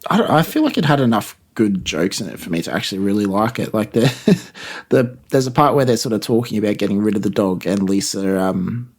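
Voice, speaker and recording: Easygoing man with a lowish voice. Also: expressive, a little fast. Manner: easygoing, hedging, laughs often. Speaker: podcast co-host. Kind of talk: casual chat.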